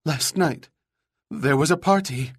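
A man's voice: fairly high pitch, unhurried, husky, pitched above the performer's own voice. A man voicing a frightened young woman in her early twenties who speaks timidly and stammers.

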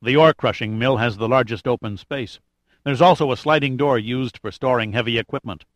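A man's voice: mid-range voice, a little fast, dry recording, close to an everyday voice. A man voicing a wry, questioning male geologist in an audiobook, close to his own voice.

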